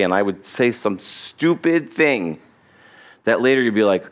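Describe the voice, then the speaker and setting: A man's voice: on the low side, lively intonation, moderate pace. Man preaching a chatty sermon. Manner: conversational, acts out quoted lines, chuckles. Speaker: pastor.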